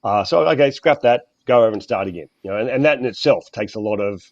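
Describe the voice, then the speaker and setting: A middle-aged Australian man with a fairly low voice, rambling through a casual podcast chat. He stops and starts often and swears freely. The sound is dull and lo-fi, with no room echo. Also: fast talker, a little mellow. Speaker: guest author. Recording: dull, dry lo-fi audio.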